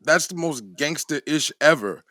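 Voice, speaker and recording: A man's voice: a little high, animated, moderate pace, bright, forceful tone, no echo, studio quality. A man co-hosting a casual podcast chat, talking in a laid-back way and often checking "you know what I'm saying" over a remote call.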